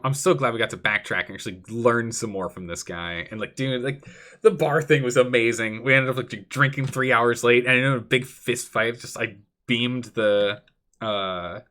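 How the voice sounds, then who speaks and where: Excitable laughing male streamer. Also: medium pitch. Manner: laughing, excitable, many fillers. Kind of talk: casual gameplay commentary.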